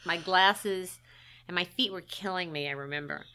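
A woman's voice: lowish voice, moderate pace, sharp tone, clear, resonant tone. A middle-aged woman, a guest, recounting a personal story in a candid, wry, self-deprecating way.

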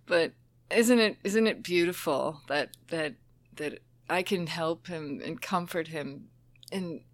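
A woman with a slightly low voice tells stories from her work training dementia caregivers. She is lively and openly emotional and laughs often mid-sentence. The sound is dry and close, with no room echo. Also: slow. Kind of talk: conversational storytelling.

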